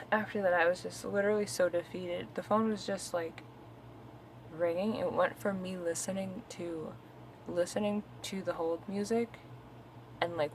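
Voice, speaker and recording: Woman ranting on her vlog, low gravelly voice, swears constantly, fed up. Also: background noise. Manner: profane, exasperated, animated storytelling. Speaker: vlogger. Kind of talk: casual venting rant.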